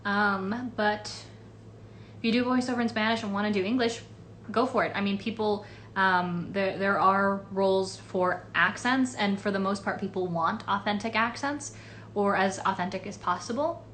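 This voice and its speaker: Woman, voice actress, casual livestream Q&A, rambling, lots of ums, mid pitch, faint noise. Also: moderate pace, fairly bright tone. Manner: chatty, rambling with many fillers. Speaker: voice actress answering fan questions. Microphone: phone or webcam livestream.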